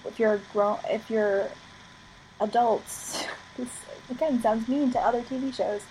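A woman's voice: fairly high pitch, steady tone, a little slow, mellow, a little hiss or hum, poor audio. A woman talking on a podcast, thinking aloud in long rambling sentences. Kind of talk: casual chat.

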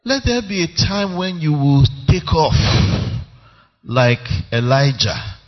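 Man, pastor; unhurried, highly animated sermon delivery in a reverberant, lo-fi hall. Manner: emphatic, calls for congregation response. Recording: reverberant lo-fi church recording.

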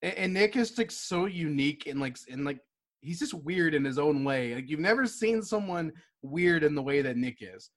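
Eager high-voiced man, casual chat. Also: expressive, normal speed. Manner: eager, stumbling retelling with repeated words. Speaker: podcast co-host.

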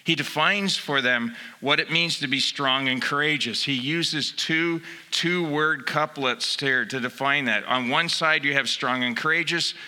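A male pastor with a very bright, slightly high voice delivers an animated sermon. He tells stories with lively acted-out asides and builds to emphatic exhortations. His voice rings out with a long hall reverb behind it. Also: unhurried, hardly any pauses.

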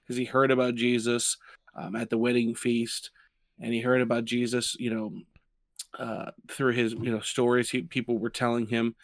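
A man co-hosting a podcast chats in an easygoing manner, warming up as he retells a story. His voice sits in a middle range. The recording is dry and close. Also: medium pitch, moderate pace, dry recording. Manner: animated storyteller, retelling scenes with quoted lines. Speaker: podcast co-host. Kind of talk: casual podcast conversation.

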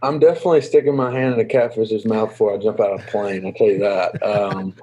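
A young man, a baseball player answering interview questions in a halting, easygoing way full of fillers. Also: lowish voice, fairly even intonation, warm tone, lo-fi sound. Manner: halting, lots of fillers and restarts.

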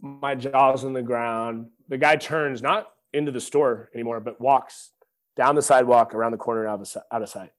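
A man's voice: mid-range voice, fairly even intonation, moderate pace. A man in his thirties, a former football linebacker, sharing an earnest, preacher-like story as a podcast guest, speaking to listeners as y'all. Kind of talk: reflective storytelling.

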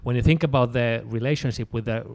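A man's voice: mid-range voice, fast talker, a little mellow, no room sound. A man interviewing a guest, stammering and repeating words as he asks questions.

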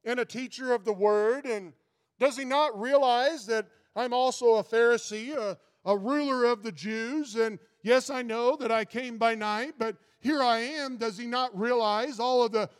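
A man's voice: extremely high pitch, measured pace, smooth, voice pushed up. A man voicing a proud, indignant male Pharisee leader who fires off one exasperated rhetorical question after another. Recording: long reverb of a large hall.

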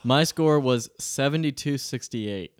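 A young man co-hosting a casual sports podcast, earnest and quick to laugh at his own slips. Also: mid-range voice. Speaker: podcast co-host. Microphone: studio podcast mic.

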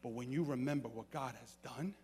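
A male pastor preaching a sermon, moving from quiet talk to fervent shouting. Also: mid-range voice, brisk, big-room sound, slight background noise. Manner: builds from quiet to shouting fervor.

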